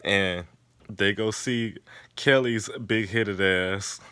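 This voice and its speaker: A man giving a casual, profane recap of a TV episode, telling it with animated storytelling. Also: lowish voice, slow pace, clear, resonant tone, no echo. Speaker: TV episode reviewer.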